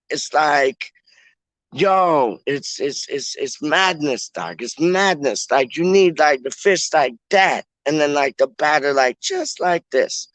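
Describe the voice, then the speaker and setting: A man's voice: on the high side, no room sound. A man hosting a casual livestream, rambling in slang with lots of "like" and restarts. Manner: slangy, rambling, heavy use of "like". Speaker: livestream host. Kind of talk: casual live chat.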